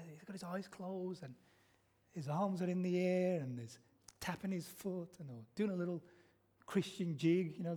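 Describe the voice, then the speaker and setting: Telling stories from the pulpit, this middle-aged male pastor has a warm, high-sitting voice. He often asks the congregation questions and supplies the answers on his own.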